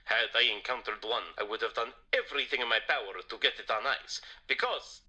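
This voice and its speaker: A man's voice: mid-range voice, brisk, bright, forceful tone. An actor voicing a smug male vampire who lectures about the environment in a theatrical manner. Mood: lecturing. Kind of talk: video game voice acting.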